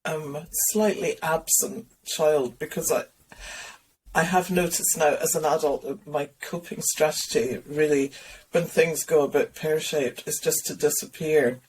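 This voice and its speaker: A woman's voice: deep voice, fairly even intonation, a little slow, darkish tone, a little hiss or hum, poor audio. A woman being interviewed about her books, talking in a rambling, self-deprecating way with restarts and laughter over a video call. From Scotland. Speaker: interview guest, children's author and illustrator. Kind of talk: relaxed conversational interview.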